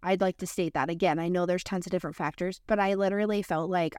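Woman, low-pitched voice, podcast co-host, casual chat, rambling candid storyteller, lots of fillers, dry close sound. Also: fairly even intonation, quick pace, hardly any pauses, darkish tone, dry recording.

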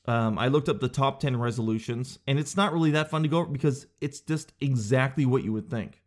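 A man talking through a comedy monologue in a sarcastic, conversational way. His voice sits at a middling pitch, and he jumps now and then into high, silly mocking voices. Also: a little mellow.

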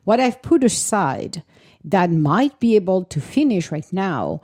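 A woman talks in a chatty, easygoing way, breaking into laughter often and playing out small quoted exchanges. Her voice is warm and mellow at a medium pitch. She repeats her advice with earnest emphasis. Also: big pitch swings, unhurried, breathy edge. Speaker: astrology speaker. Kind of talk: casual spoken explanation.

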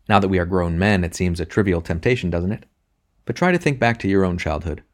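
Deep-voiced male audiobook narrator. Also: lively intonation, quick pace. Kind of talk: audiobook reading.

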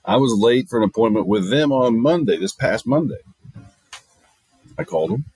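A man's voice: mid-range voice, animated, normal speed, darkish tone, no echo, rough recording. A middle-aged man hosting a casual monologue, telling stories in a blunt, profane way. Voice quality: gravelly, husky. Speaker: podcast host.

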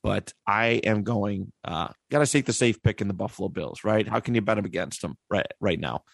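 A man's voice: lowish voice, brisk, creaky, no echo, clean studio sound. A man hosting a casual sports podcast, running the picks and reading stats off a list. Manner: runs the segment, reads stats off a list. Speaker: podcast host.

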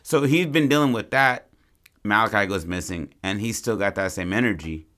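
A man's voice: lowish voice, normal speed, fairly bright tone. A man co-hosting a podcast, brainstorming a story in casual, rambling, profane chat. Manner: rambling, profane, acts out characters. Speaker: podcast co-host.

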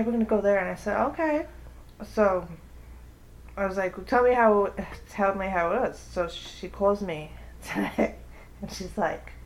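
A woman telling a story in casual chat, acting out quoted lines with big jumps in pitch.

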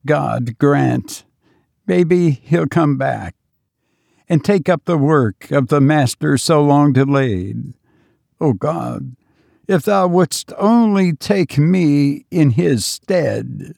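A man's voice: fairly high pitch, lively intonation, extremely slow, gravelly, darkish tone, no echo, clean studio sound, full character voice. A man voicing a quivering old manservant. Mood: anxious. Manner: quivering, pleading. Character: frail, devoted old male servant.

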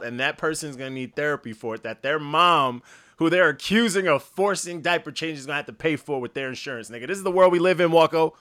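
A man trades loud, laughing rants in casual banter. His voice sits a little high. He swears freely and acts mock-indignant. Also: quick pace.

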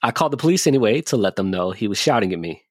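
A man's voice: lowish voice, expressive, very fast, dry recording, studio quality. A man hosting a podcast in casual chat, joking loosely, swearing freely and laughing as he tells stories. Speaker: podcast host.

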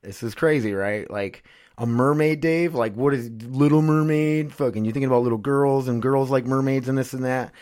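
A man's voice: medium pitch, normal speed, darkish tone. Rambling profane podcast host guy. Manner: rambling, profane, self-mocking. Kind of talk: casual podcast chat. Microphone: condenser studio mic.

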